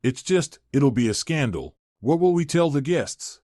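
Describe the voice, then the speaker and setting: A man's voice: on the high side, animated, measured pace, a little mellow, dry recording. Desperate guilty fiancé begging for another chance, read by a man, voice swinging up and down, dry sound. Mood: pleading. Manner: pleading, insistent. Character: remorseful pleading male fiancé.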